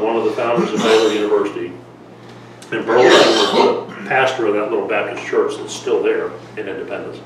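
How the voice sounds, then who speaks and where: A man's voice: lowish voice, noisy background. A man giving a chatty museum history lecture, telling stories with fillers and restarts. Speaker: lecturer and documentary filmmaker. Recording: echoey room, mic from far off.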